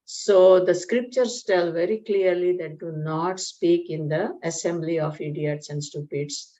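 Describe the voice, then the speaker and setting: A woman's voice: lowish voice, measured pace, warm tone. A woman teaching a scripture study class in a conversational way, explaining Sanskrit terms and telling a joke. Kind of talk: spiritual lecture with a joke. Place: community class room. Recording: dull lo-fi lecture recording.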